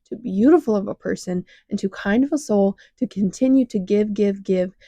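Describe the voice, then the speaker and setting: A teenage girl with a Chicago accent, a podcast host, vents in a raw, emotional monologue, short of breath, choked up and swearing. Her female voice is mid-range, mellow with a breathy edge, at normal speed. A clip-on mic on her shirt captures it with no room sound but poor audio.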